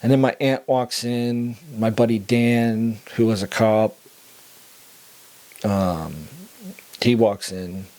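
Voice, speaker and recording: A man's voice: fairly even intonation, slow pace, pauses often. Man telling a story casually. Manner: conversational, laughs between lines, drops low and quiet in somber parts.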